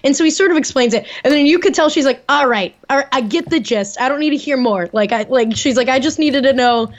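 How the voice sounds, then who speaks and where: A woman's voice: high voice, quick pace. A young woman co-hosting a casual chat, animatedly recapping and acting out quotes, with some swearing. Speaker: podcast co-host. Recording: dull lo-fi sound.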